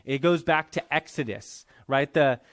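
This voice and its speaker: A man's voice: fairly high pitch, a little slow. A man teaching a Bible class in a conversational lecture style, often checking in with his students.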